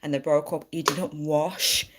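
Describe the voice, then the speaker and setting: A woman's voice: deep voice, steady tone, a little slow, noisy background. Chatty woman live streaming. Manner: giggly, chatty, reads out viewer comments. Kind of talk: casual live stream chat.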